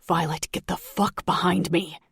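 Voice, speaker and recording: A woman voicing a guarded, blunt young man with a low, gruff delivery. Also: little pitch movement, normal speed, a little hiss or hum, natural voice.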